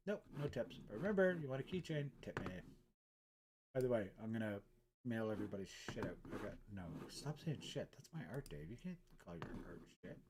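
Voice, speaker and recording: A man's voice: lowish voice, background noise. A man live streaming as a chalk artist, rambling casually and talking to himself between remarks. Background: faint music.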